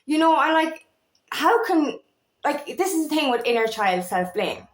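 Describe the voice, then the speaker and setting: A woman's voice: high voice, expressive, unhurried. Candid thirties woman coach, echoey. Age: 30s. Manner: candid, rambling with many fillers and restarts. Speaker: feminine empowerment coach. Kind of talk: personal monologue to camera.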